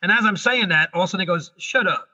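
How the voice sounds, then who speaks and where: A middle-aged man, a guest on an interview show, telling a story in a rushed, animated way and often restarting his sentences. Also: sits high. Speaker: guest, comedian and paranormal investigator. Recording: dull lo-fi recording.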